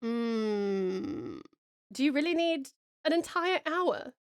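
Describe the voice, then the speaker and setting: A woman's voice: high-pitched, animated, takes it slowly, clean tone, no echo. An Australian woman from Tasmania chatting casually and playfully on a live stream, self-deprecating, close to a desk microphone.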